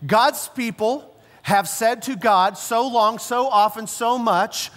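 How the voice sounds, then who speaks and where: A male pastor delivers a sermon in a fairly high voice, telling stories with emphasis and slowing down and dropping low for key words. His voice carries through the long reverb of a church sanctuary. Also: fairly bright tone. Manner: storytelling, emphatic, slows and drops low for stress.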